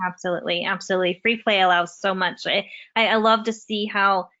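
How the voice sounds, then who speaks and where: Chatty mother, bright voice, muffled audio. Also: medium pitch, fairly even intonation, a little fast. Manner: chatty, with frequent "you know" and restarts. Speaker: parent guest. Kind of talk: casual interview conversation.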